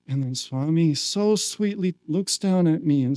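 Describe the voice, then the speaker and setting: A man speaking at a spiritual retreat, telling a personal story slowly and acting out the quoted lines. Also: on the high side, warm tone, dry recording. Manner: slow, acts out quoted lines. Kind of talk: storytelling talk. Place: retreat hall.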